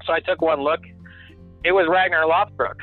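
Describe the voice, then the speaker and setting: A man's voice: on the high side, fairly even intonation, normal speed, no room sound, faint music behind. A man being interviewed about his sand sculpting and carving. He tells rambling, jokey stories and laughs often. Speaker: guest sand sculptor and carver. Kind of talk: casual storytelling interview. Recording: tinny phone line.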